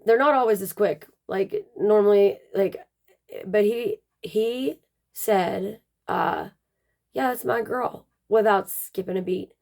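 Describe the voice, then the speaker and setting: A woman's voice: mid-range voice, slow, vocal fry, a little mellow. A woman casually telling a personal story, rambling with plenty of "um" and "like" fillers.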